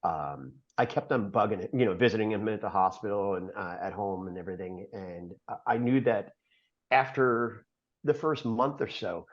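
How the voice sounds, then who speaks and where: A middle-aged man, a podcast guest, telling a long personal story in an earnest, halting way with many fillers. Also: on the low side. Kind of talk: storytelling interview. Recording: dull lo-fi podcast audio.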